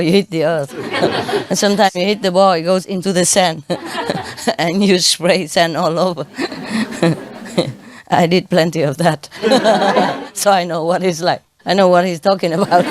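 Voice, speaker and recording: A woman preacher telling jokes to her congregation, often laughing at her own punchlines. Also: fairly low pitch. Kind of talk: humorous talk to a congregation. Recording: noisy recording.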